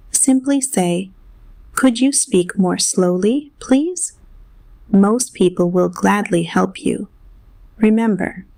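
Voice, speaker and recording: A woman narrates a scripted English lesson, patiently explaining everyday phrases and modeling examples. Her voice has a gravelly, fry-tinged texture and a mid pitch. The sound is close and dry. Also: darkish tone, no room sound. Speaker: English teacher.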